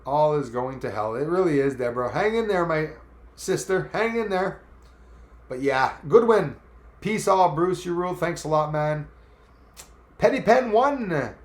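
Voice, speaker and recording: A Canadian man hosting a live stream, chatting casually in a rambling, animated way and reading out viewer comments. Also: on the high side, normal speed, reverberant. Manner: animated, rambling, talks back to chat.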